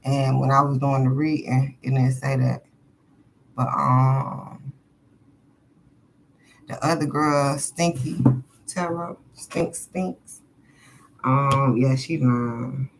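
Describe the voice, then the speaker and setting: A woman with a very deep voice speaks in a steady tone at a slow pace, pausing often, over slight background noise on poor audio. She's a tarot card reader on a casual live stream, chatting bluntly with viewers, swearing a lot and laughing often between questions.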